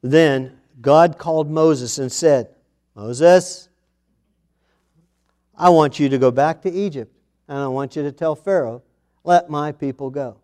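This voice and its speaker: A male pastor preaching a morning sermon, reading scripture aloud with emphasis and swinging between loud declarations and hushed asides. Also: on the high side, normal speed, smooth.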